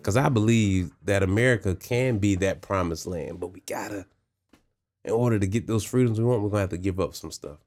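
Laughing, animated man in his thirties. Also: on the low side, fairly quick. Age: 30s. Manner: animated, laughing, lots of fillers and restarts. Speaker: podcast co-host. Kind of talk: casual chat.

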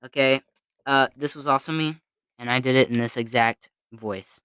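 A man's voice: mid-range voice, fairly even intonation, normal speed, fairly bright tone, clean tone, no echo. A young man co-hosting a podcast in casual chat, teasing his brother with jokey banter. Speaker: podcast co-host.

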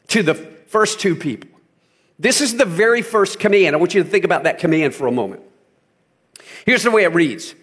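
High-voiced preaching man. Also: expressive, normal speed, slightly rough. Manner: preaching with emphatic repetition, rising to loud peaks. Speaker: pastor. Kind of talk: sermon.

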